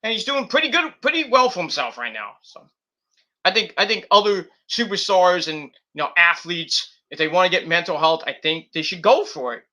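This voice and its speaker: On a live stream, a man gives a loose, rambling recap of a wrestling show, full of fillers and restarts. His voice is high, very bright and sharp, with lively intonation at a normal speed.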